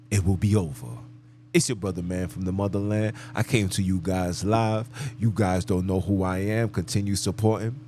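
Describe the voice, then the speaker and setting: A man's voice: on the low side, a little hiss or hum. Man preaching on a podcast. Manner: emphatic and preachy, repeats phrases. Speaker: podcast host. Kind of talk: live podcast monologue.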